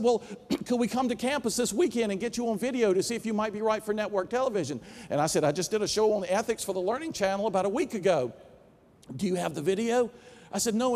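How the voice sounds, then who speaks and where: A man's voice: high-pitched, in a large hall. A man with a Southern US accent, a philosophy professor giving a keynote and acting out the dialogue in his stories. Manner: animated storyteller acting out dialogue. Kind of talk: storytelling keynote speech. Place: large conference hall.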